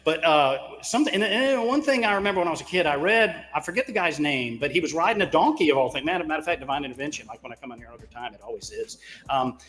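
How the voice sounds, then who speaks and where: A man's voice: a little high, lively intonation, fast, a bit bright. A man telling rambling stories in a casual, profane, folksy and self-mocking way. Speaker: caller on a crypto talk show. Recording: long reverb on the voice.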